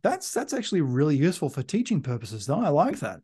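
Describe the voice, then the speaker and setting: A man with a slightly raised pitch hosts a relaxed podcast. He explains body problems with everyday examples in a light, playful, teacherly way. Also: fast talker, breathy edge. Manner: playful, teaching, loves doing voices. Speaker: podcast host, manual therapist. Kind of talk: casual podcast chat.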